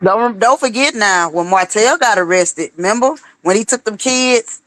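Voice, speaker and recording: A woman's voice: medium pitch, moderate pace, fairly bright tone, dry recording, rough recording. A woman with a Texan accent, co-hosting a casual live stream, emphatic and preachy. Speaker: co-host.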